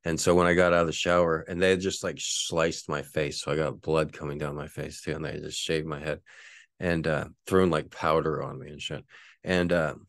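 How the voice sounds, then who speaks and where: A podcast host in his forties tells a rambling, profane story and laughs often. His speaking voice is very low. The sound is dry and close to the mic. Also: flat delivery, moderate pace, vocal fry, no room sound. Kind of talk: casual storytelling.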